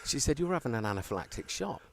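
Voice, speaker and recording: A man's voice: mid-range voice, fast talker, gravelly, no room sound. A man commentating on a live cricket stream, chatting casually and telling a story with frequent laughter. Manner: animated storyteller, laughs often.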